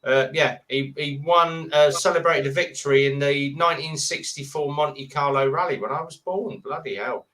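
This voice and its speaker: Chatty man in his fifties, higher voice. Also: moderate pace, hardly any pauses, bright, forceful tone. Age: 50s. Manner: rambling, jokey, does voices in anecdotes. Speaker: live stream host. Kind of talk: casual live chat with friends.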